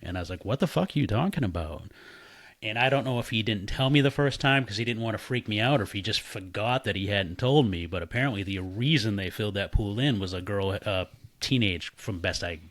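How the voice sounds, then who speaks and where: Animated low-voiced man telling a story. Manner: animated, swearing, acts out quoted voices. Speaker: podcast guest. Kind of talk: casual storytelling.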